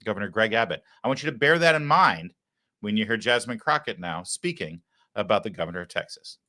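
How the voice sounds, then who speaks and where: A man's voice: lowish voice, animated, a little fast, bright, forceful tone. Sarcastic male talk show host. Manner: sarcastic, mocking, conversational. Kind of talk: live political commentary show.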